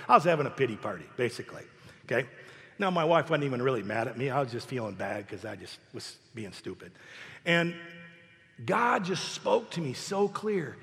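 A middle-aged man preaching a sermon as pastor, animated, swinging between loud emphasis and soft, confiding asides. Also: medium pitch, moderate pace, vocal fry, in a large hall. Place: church sanctuary.

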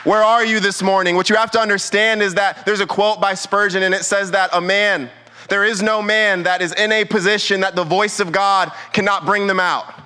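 A man's voice: high voice, steady tone, moderate pace, bright, forceful tone, clean tone. A young man, a youth pastor, preaching a sermon in church with emphatic, repeated rhetorical questions.

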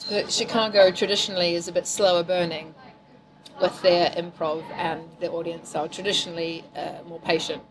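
A woman's voice: fairly low pitch, little pitch movement, normal speed, low-quality recording. Chatty New Zealand woman over café chatter. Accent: New Zealand, softened by years in England. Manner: chatty, laughing, self-deprecating. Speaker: improv teacher and corporate trainer. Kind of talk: casual podcast conversation.

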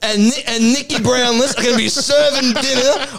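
Brief: woman impersonating a brash older Aussie footy bloke, shouty rant, high and gravelly. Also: steady tone, normal speed, over a noisy crowd. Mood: gleeful. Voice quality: shouty, ranting. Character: loud brash older male footy pundit.

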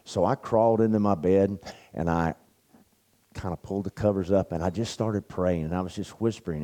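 A man's voice: low voice, fairly quick, mellow. A man speaking at a men's church camp, telling stories in a folksy, anecdotal sermon with lots of fillers. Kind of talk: storytelling sermon.

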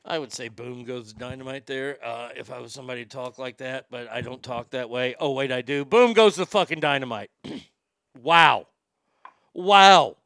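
In a comedic radio show monologue, a man plays a crude, brash middle-aged shock-jock who swears freely and rambles with tobacco in his mouth. His medium-pitched voice is level, fairly bright and a little fast, with vocal fry and hardly any pauses, recorded clean in a studio with no echo.

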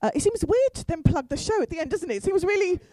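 Brief: comic storyteller, woman, high animated voice, mellow tone, dry close sound. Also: fast talker, no room sound, low-quality recording. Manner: animated, swears freely, wry asides. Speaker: stand-up comedian.

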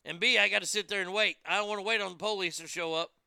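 Crude, brash man with a gravelly voice. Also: sits high, fairly even intonation, fast, bright, forceful tone, no echo, clean studio sound. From United States. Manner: brash, profane, mocking. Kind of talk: crude comedic news commentary.

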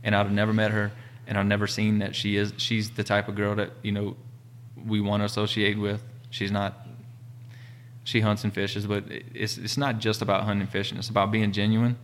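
A man's voice: fairly low pitch, completely flat delivery, fairly quick, slight background noise. A man co-hosting a casual talk show, laid-back and conversational. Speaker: podcast co-host, business owner. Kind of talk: casual chat.

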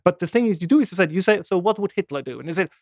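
A man, a guest making lively, animated arguments in a casual political discussion. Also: high-pitched, rapid-fire, no echo, studio quality. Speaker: guest commentator.

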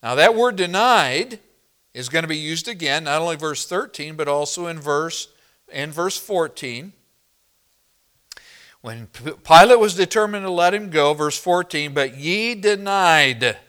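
Slow, bright-voiced man preaching emphatically. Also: a little high, lively intonation, clean tone. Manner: emphatic, reads scripture slowly and deliberately; addresses congregation directly. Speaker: pastor. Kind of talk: expository sermon.

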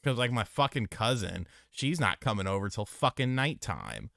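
A man co-hosting a podcast in casual chat, cursing freely and telling animated stories. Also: on the low side, normal speed, vocal fry, no echo, studio quality. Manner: profane, animated storytelling. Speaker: podcast co-host.

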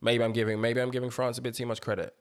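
A man co-hosting a podcast, talking politics in a measured way and steering the topic. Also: medium pitch, level tone. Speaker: podcast co-host. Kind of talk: casual political chat.

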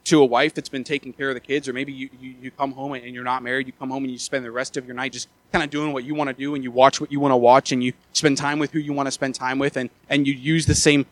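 A man preaching a sermon, often repeating and restarting his words, who rises from quiet talk to loud, urgent appeals. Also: mid-range voice, level tone, quick pace, few pauses, dry recording. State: out of breath after the peak.

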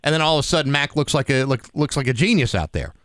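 A man's voice: mid-range voice, fast talker, fairly bright tone, no room sound, clean studio sound. A man co-hosting a sports radio show, asking emphatic questions and often repeating his words. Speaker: radio co-host. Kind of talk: casual sports radio chat.

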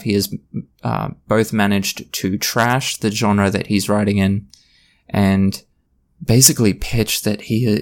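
A man with a low, gravelly voice hosts a solo podcast, talking bluntly and with passion. His delivery is a ranting monologue with plenty of feeling behind it. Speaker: podcast host.

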